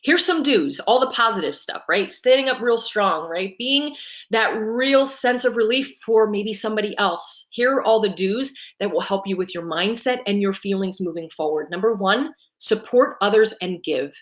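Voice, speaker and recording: A woman's voice: medium pitch, normal speed. A middle-aged woman giving a live-streamed motivational talk to salon owners, upbeat and coaching, often asking "right?" and sometimes getting emotional. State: emotional at times.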